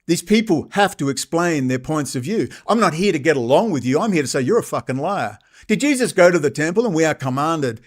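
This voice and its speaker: Angry profane high-voiced Australian man. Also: big pitch swings, quick pace. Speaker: channel host. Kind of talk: ranting monologue.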